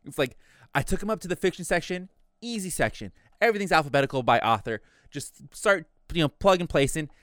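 A man's voice: fairly high pitch, expressive, brisk, fairly bright tone, no echo, studio quality. Young man telling a rambling work story. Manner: rambling storyteller, acts out quoted coworkers. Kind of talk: casual chat.

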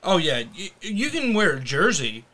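A man co-hosting a casual podcast chat, rambling and restarting his sentences, with sudden animated bursts. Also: sits high, moderate pace. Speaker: podcast co-host.

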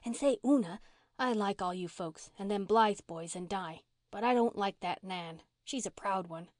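Brief: woman reader doing a tough, slangy orphan girl, mid pitch, dry close sound. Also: moderate pace, no room sound, close to an everyday voice. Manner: slangy, folksy country speech. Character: rough-spoken runaway orphan girl, blunt and touchy.

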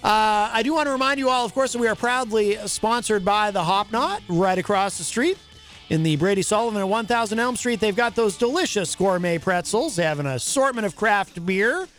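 Talk radio host, male, high-pitched, wry and chatty, stumbles over his phrasing. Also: lively intonation, brisk, a bit bright, faint music behind.

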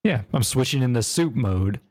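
A man's voice: medium pitch, lively intonation, normal speed, a little mellow. A man co-hosting a podcast in casual chat, loose and rambling, with plenty of fillers and tangents. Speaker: podcast co-host.

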